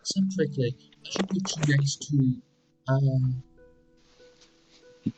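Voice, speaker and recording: A man's voice: mid-range voice, fairly even intonation, slow, a little mellow, soft background music. A man playing in a tabletop game, speaking in a hesitant, stumbling way. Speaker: player. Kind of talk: tabletop role-play.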